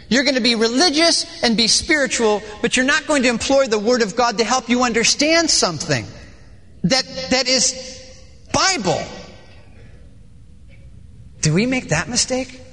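Animated preacher with a bright, high voice. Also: male voice. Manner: dramatic, swings between playful story voices and intense preaching. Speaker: pastor. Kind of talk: sermon with acted-out storytelling. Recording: long reverb of a large hall.

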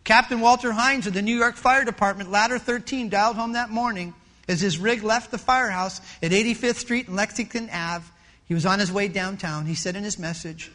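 A middle-aged male pastor preaching a sermon, telling stories and acting out voices in an animated way. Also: extremely high pitch, normal speed. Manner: animated storytelling with acted-out voices.

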